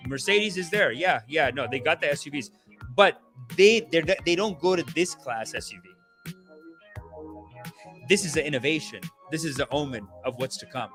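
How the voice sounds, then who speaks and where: A young man hosts a comedy podcast, riffing with profanity and a swinging, high-pitched delivery. Music sits faintly behind him. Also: fairly bright tone. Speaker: podcast host.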